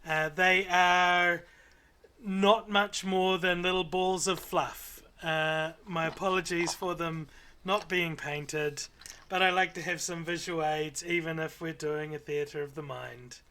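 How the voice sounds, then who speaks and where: Male game master, slow delivery, bright tone, unhurried scene-setting narration. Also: on the high side, steady tone, a little hiss or hum. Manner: unhurried, many filler pauses.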